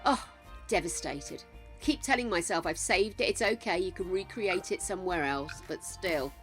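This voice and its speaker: During a casual live stream of a game, an older woman talks at normal speed in a voice on the low side. She's chatty and affectionate, addressing viewers as darlings and gorgeous ones, with soft music in the background.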